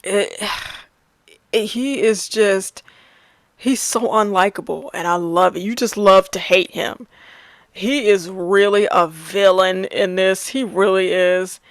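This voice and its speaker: A woman's voice: mid-range voice, slow, no echo. A woman in her thirties chatting casually about her favorite films, laughing often and restarting her sentences. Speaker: movie reviewer. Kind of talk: casual movie review chat.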